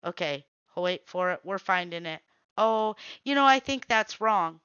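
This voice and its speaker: A woman's voice: lowish voice, animated, a bit bright, smooth, no room sound, lo-fi sound. A woman hosting, giving blunt, reactive running commentary as she scrolls through videos. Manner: blunt, reactive, quick to say nope. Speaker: host.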